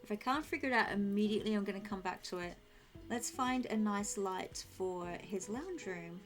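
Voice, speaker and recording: A woman's voice: medium pitch, normal speed, soft background music. A young woman streaming a game, chatting casually and thinking aloud while she answers her chat.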